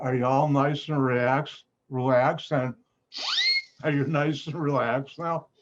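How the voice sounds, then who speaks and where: A man with a Chicago accent teaching an online chemistry lab, joking with the class and breaking into sudden high exclamations. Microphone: video call. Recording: slightly dull video call audio.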